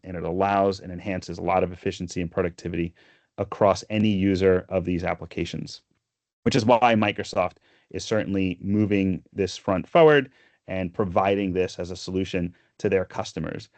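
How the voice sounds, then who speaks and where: Male presenter, deep voice, dry close sound, explanatory demo delivery. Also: dry recording. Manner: explanatory, steady, with frequent fillers. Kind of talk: software demo walkthrough.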